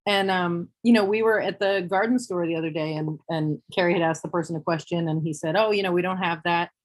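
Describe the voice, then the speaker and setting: A woman talking in a relaxed discussion, thoughtful and wry, often restarting her sentences. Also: lowish voice, fairly quick. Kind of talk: casual discussion.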